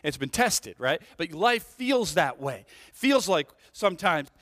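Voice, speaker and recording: A middle-aged pastor preaches a sermon in a church sanctuary, telling animated stories with playful asides and checking in with the congregation through rhetorical "right?". His voice is fairly high and unhurried, with the long reverb of a large hall.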